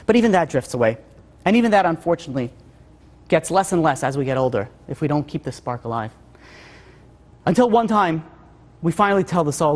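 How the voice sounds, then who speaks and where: Rabbi preaching in a reverberant hall. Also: male voice, fairly high pitch, big pitch swings, a little fast, pauses often. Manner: tells a story softly, then preaches with rising emphasis. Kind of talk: holiday sermon with storytelling.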